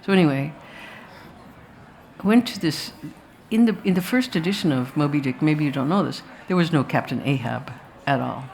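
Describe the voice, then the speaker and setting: A woman's voice: sits low, lively intonation, normal speed, darkish tone, slight background noise. A woman filmmaker speaking to an audience after a screening, rambling and anecdotal with restarts and asides. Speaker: filmmaker talking about her film. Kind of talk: live post-screening talk to an audience. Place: festival talk before an audience.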